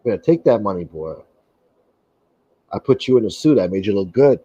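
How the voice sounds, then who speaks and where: A man's voice: on the low side, animated, brisk, mellow, breathy edge, dry recording, lo-fi sound. A male livestream host in a casual, profane rant, blunt and sarcastic, swearing often.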